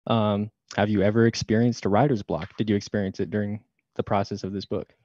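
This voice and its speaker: Male interviewer, lowish voice, relaxed question reading; slightly dull sound. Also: a little fast.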